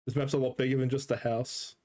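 A man's voice: mid-range voice, level tone, fast, warm tone. A young man, chatting casually and joking while playing a game with friends over a headset mic. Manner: laid-back, joking, swears freely. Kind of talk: casual gaming chat.

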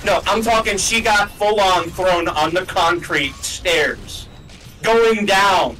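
Bright-voiced young man gaming, off-mic. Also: sits high, slow, slight background noise. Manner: rambling, filler-heavy, emphatic. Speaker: let's play co-host. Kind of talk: casual gaming chat. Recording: voice a bit far from the mic.

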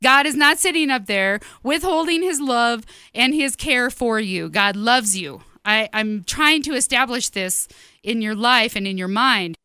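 Woman, bright crisp voice, emphatic, direct to listeners, sermon testimony. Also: a little high, expressive, measured pace, dry recording. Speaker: ministry host.

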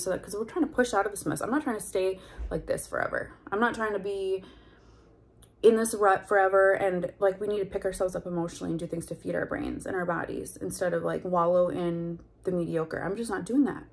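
A woman's voice: medium pitch, fairly even intonation, fairly quick, creaky. A woman telling a personal story in a confessional vlog, candid and heated, full of fillers and blunt swearing. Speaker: vlogger.

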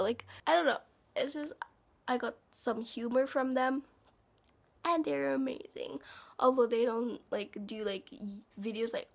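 Gushing high-voiced teenage girl. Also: vocal fry, breathy edge. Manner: gushing, with dramatic exclamations; drops into a whisper at times. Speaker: vlogger. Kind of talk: casual chat to camera.

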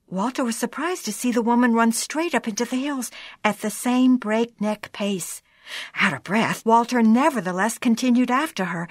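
A woman's voice: a little high, no echo, clean studio sound. Dramatic woman telling a ghost story. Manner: dramatic, slowing down for suspense. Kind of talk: scripted ghost-story narration.

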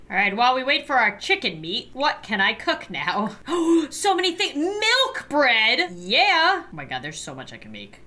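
Woman, gaming host; high, swooping voice, dramatic and giggly let's-play chatter. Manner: excitable and dramatic, laughing and gasping often. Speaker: gaming YouTuber. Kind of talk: casual let's-play commentary.

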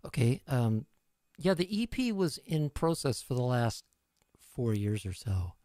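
A man's voice: mid-range voice, sing-song, measured pace, warm tone, dry recording, studio quality. A middle-aged man from Canada, a musician guest chatting casually in an interview, rambling and self-deprecating. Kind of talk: casual live-stream interview.

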